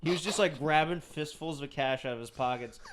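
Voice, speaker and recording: A man's voice: on the high side, fairly quick. A man hosting a podcast, chatting casually and telling a rambling story. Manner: rambling storyteller, quiet, laughs at own bits. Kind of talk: casual chat. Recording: faint background hiss.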